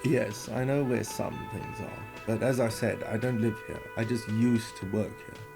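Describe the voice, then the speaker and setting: A man's voice: fairly low pitch, fairly even intonation, moderate pace, gravelly, pitched above the performer's own voice. A man voicing a grumpy, defensive middle-aged male cafeteria manager in a video game, with music behind. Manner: defensive, curt.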